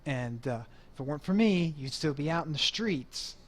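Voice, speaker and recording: A man's voice: a little high, expressive, normal speed. A man voicing a bossy but nervous male jazz bandleader who blusters about his band and then turns sheepish.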